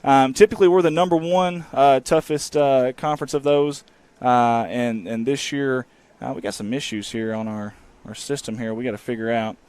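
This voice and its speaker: A man hosting a live high school football pregame show from the press box, folksy and rambling with teasing asides. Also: fairly even intonation, moderate pace, darkish tone, clean tone, no echo. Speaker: sports broadcast host.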